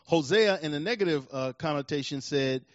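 A pastor preaching a sermon in a church, emphatic and repeating phrases to drive points home. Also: male voice, on the high side, fairly quick, dry recording, lo-fi sound.

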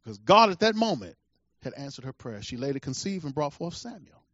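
A middle-aged man preaching a sermon with animated delivery, acting out voices from scripture and laughing at his own asides. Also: fairly high pitch, brisk, no room sound. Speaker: pastor. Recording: dull lo-fi sound.

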